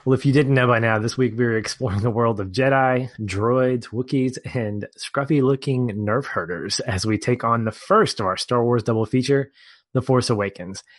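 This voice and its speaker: A man's voice: mid-range voice, moderate pace, dry recording. A man hosting a film podcast, upbeat and giggly, rambling a little as he leads the conversation. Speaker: podcast host. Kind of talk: casual podcast chat.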